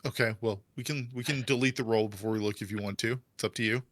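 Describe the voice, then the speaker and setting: A man's voice: fairly low pitch, steady tone, quick pace, fairly bright tone, no room sound. A man narrating as game master of a tabletop role-playing game, chatty and rambling with fillers.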